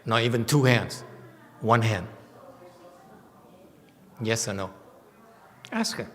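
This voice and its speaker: Man teaching a meditation class, slow and emphatic, blunt and self-mocking, voice ringing in a long hall reverb. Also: fairly low pitch. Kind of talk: Dharma talk to a class. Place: temple hall.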